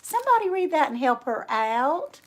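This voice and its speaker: A woman hosting a casual livestream, chatting warmly with viewers, laughing often and reading out their names. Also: sits high, sing-song, moderate pace. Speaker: homestead channel host.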